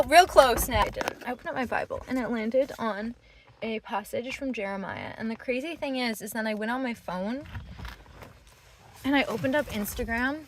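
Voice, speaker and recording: A woman's voice: on the high side, noisy background. A young woman chatting casually on a livestream, rambling from one thought to the next, laughing often and swearing freely.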